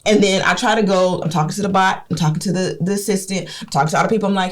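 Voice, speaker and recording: A young woman co-hosting a podcast, telling stories in casual chat, animated and swearing, acting out what people said. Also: mid-range voice, racing, slight background noise. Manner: animated, swearing, acts out quotes. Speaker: podcast co-host.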